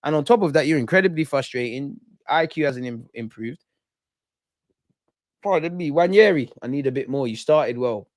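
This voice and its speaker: A young man hosting a live football watch-along, chatting casually, reacting to play and reading out comments, sometimes muttering and sometimes shouting at the referee. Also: a little high, normal speed, no echo, studio quality. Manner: animated, swings from muttering to shouting at the ref.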